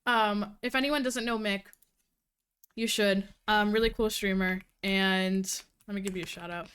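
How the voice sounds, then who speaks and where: Fast-talking, swearing woman streamer. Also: medium pitch, steady tone, fairly bright tone, smooth. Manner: fast-talking, profane, giggly. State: slightly out of breath. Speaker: livestreamer reviewing books. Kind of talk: casual chat with viewers.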